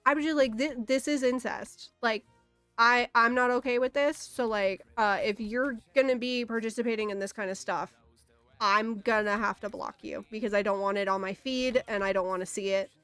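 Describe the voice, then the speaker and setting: A woman's voice: fairly high pitch, steady tone, moderate pace, a bit bright, clean tone, no echo, soft background music. A young woman in a casual, exasperated ranting monologue, swearing often and laughing in disbelief. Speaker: streamer.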